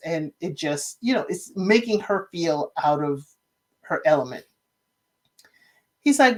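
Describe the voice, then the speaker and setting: A woman recapping a reality show in casual chat, retelling scenes with lively, acted-out quotes. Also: mid-range voice, normal speed. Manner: animated storytelling, acting out quotes.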